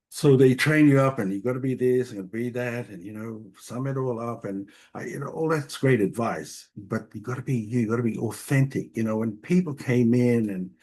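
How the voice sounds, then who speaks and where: Husky-voiced doctor telling stories. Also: male voice, mid-range voice. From Tonga. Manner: warm, jokey storyteller with frequent restarts. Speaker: family doctor. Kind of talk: storytelling interview talk.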